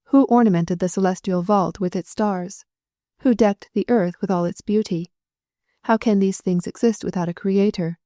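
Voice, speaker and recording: A woman reading a quick-talking old priest. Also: mid-range voice, warm tone, no echo, clean studio sound, lightly acted. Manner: rapid, habitual, unbroken delivery. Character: little old male priest, kindly, weary, quick-speaking.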